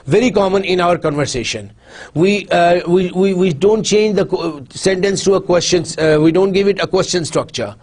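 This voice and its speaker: A man giving a university lecture, explaining slowly with frequent repeats and restarts. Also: high-pitched, darkish tone. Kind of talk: recorded lecture.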